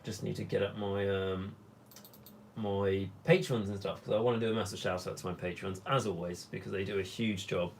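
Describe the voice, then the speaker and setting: A man's voice: fairly low pitch, fairly even intonation, brisk, gravelly, slight background noise. A young man hosting a hobby live stream, chatting casually and rambling with many fillers while he reads the chat.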